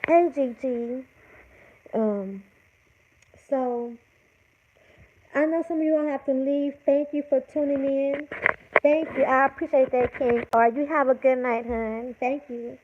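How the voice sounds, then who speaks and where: A woman's voice: high-pitched, steady tone, unhurried, long pauses, slight background noise. A woman hosting a livestream, scolding her chat in an emphatic, repetitive rant. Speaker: livestream host. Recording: tinny phone-like audio.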